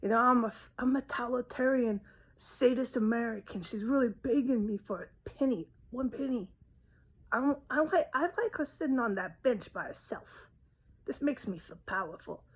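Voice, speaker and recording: A woman voicing a smug, cruel sadist who relishes power, speaking in a low, hushed, gloating murmur. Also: moderate pace, breathy edge.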